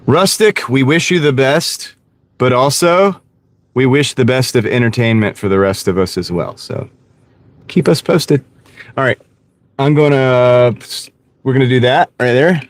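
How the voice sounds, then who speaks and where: A man's voice: medium pitch, a little slow, long pauses. A man and gig delivery driver streaming live from his car, chatting casually and joking at his own expense while greeting viewers by name. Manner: joking, self-mocking, talks to chat by name. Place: inside a car. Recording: car road noise.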